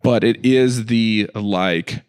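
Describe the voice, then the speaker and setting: A man co-hosting a podcast in casual chat, an animated storyteller who acts out the people he describes. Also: on the low side, slow pace, clean tone. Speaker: podcast co-host.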